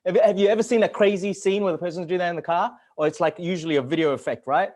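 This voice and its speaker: A man speaking as a guest at an online summit, telling a personal story in an earnest way, swearing at times and growing animated when excited. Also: high-pitched, fast talker. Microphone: video call.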